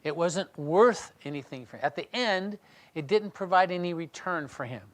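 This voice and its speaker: A man with a slightly higher voice than most leads a small Bible study. He reads scripture aloud and then talks it over in a loose, conversational way. He thinks aloud, restarts his sentences and often clears his throat. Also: lively intonation, moderate pace. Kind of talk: reading scripture and discussing it in a small group.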